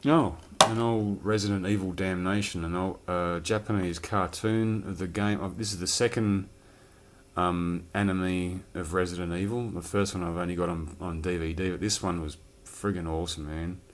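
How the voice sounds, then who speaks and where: Low-voiced rambling man. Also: steady tone, moderate pace, slight background noise. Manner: rambling, casual swearing. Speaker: collector showing his films. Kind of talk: casual chat.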